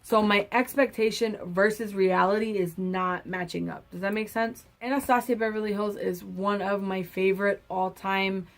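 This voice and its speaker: A woman talks through a makeup product review in a loose, chatty way. Her voice sits at a medium pitch. She stumbles and restarts often, and her quieter asides fade off as she finishes a thought. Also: steady tone, normal speed, few pauses. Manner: chatty, self-correcting, trails off softly. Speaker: beauty vlogger.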